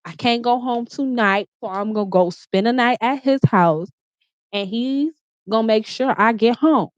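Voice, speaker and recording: A woman's voice: a little high, moderate pace. A woman recounting a personal story straight to camera in her bedroom. She talks casually and bluntly, swears freely, and keeps restarting her sentences. The sound is dry, with no room echo, and a little dull and lo-fi. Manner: candid, profane, lots of "like" and restarts. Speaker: vlogger.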